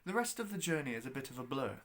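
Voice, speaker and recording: A man reading his own novella aloud as narrator, with an expressive, wry delivery. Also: mid-range voice, fast talker. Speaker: storyteller.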